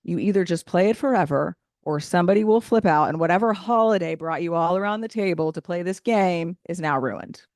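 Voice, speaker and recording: Brash loud woman doing stand-up. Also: fairly low pitch, a little fast, few pauses, no room sound, studio quality. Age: 30s. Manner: loud, brash, opinionated delivery. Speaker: stand-up comedian. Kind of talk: stand-up set. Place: event stage.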